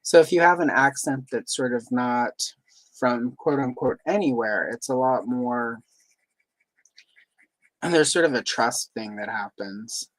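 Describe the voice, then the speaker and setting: A woman's voice: rumbling low, measured pace, no room sound, rough recording. A woman from the Southern United States who has no accent, chatting casually and rambling as a livestream host. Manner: chatty, rambling, many fillers. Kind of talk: casual chat.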